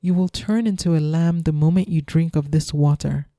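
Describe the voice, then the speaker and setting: A woman voicing a gentle, frightened young maiden, speaking softly in a storybook reading. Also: deep voice, steady tone, moderate pace, dry recording, studio quality. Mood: sorrowful. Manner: soft and gentle.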